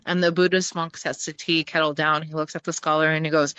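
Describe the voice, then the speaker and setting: A woman chats openly as a podcast guest, scattering "like" and "you know" through her sentences and now and then swearing. Her voice sits a little low but sounds bright and forward. The recording is close and dry. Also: level tone, brisk, hardly any pauses, clear, resonant tone, no echo, dull audio. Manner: chatty, full of "like, you know" fillers, swears casually. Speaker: podcast guest, clowning teacher. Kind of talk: casual conversation.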